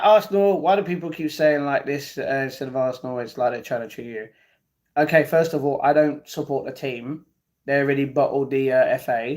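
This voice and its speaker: A man hosting a live stream, casually reading out viewer comments and bantering back at them. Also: medium pitch. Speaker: livestream host reading chat.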